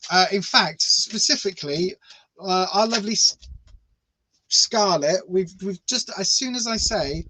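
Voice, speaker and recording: Guy doing tarot readings on a live stream, high voice, chatty and playful, dry close sound. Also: a little slow, pushed and bright, no echo, poor audio. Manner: chatty and playful, calls viewers "my darling". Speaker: tarot reader.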